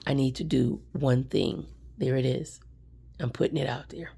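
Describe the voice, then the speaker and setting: A woman's voice: a bass voice, steady tone, moderate pace, gravelly, dark tone, slightly rough. A middle-aged woman who runs small businesses, talking earnestly on a live stream, near tears and repeating words of encouragement. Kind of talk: emotional live stream talk.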